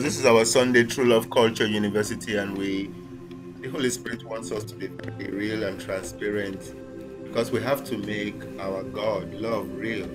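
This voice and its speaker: A man hosting a ministry talk, preaching in an animated way and acting out the voices he quotes. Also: lowish voice. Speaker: ministry host. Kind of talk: sermon-like conversation.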